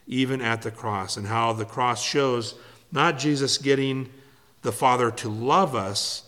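A man's voice: mid-range voice, bright, forceful tone, in a large hall. A man preaching an earnest sermon, often restarting phrases and leaning hard on key words.

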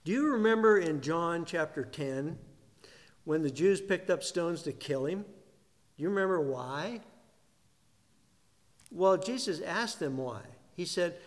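A man's voice: fairly high pitch, animated, slow, pauses often. A man preaching a sermon who asks the congregation questions, answers them himself and leans hard on single words. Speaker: pastor. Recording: long reverb of a large hall.

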